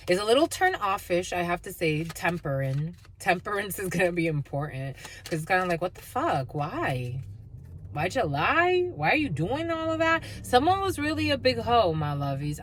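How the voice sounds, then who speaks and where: A woman with a fairly low voice gives a loose, unscripted tarot reading, blunt and full of swearing. She breaks into laughter often, and her pitch jumps around as she talks. A faint hiss sits under the recording. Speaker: tarot reader.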